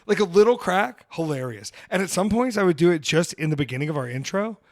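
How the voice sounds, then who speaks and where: Male podcast host, a bit high, dry close sound, rambling jokester. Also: animated, fast, dry recording. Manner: rambling, jokey storytelling. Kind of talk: casual chat.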